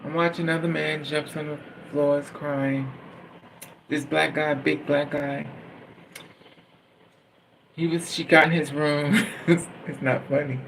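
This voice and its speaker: A man with a slightly high, gravelly voice tells his story casually. He rambles, swears freely and keeps laughing at his own telling, with a faint hiss of noise behind him. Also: fairly even intonation, a little slow, long pauses, a bit bright, poor audio. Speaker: storytime vlogger.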